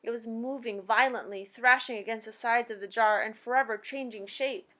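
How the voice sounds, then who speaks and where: A woman reading a children's book aloud in a plain, steady way. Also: a little high, normal speed, hardly any pauses. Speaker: storybook reader.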